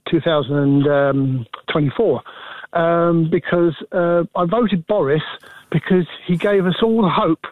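A man's voice: fairly high pitch, dry recording, narrow, tinny audio. A man in his sixties from England calling a radio phone-in, talking with many fillers and restarts. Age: 60s. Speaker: caller.

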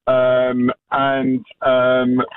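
A man's voice: mid-range voice, completely flat delivery, extremely slow, clean tone, dry recording, soft background music. Irish man in his thirties phoning in to radio, rambling delivery, phone-quality sound. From Ireland. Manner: rambling, many fillers. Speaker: caller. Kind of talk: phone-in anecdote. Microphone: phone line. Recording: tinny phone line.

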